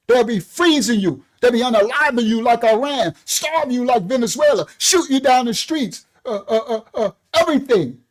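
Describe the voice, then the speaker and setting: A man's voice: very high-pitched, animated, normal speed, hardly any pauses, poor audio. An older man from Long Island, New York, giving a fiery, preachy, rambling monologue as host of a ministry channel. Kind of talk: ranting monologue.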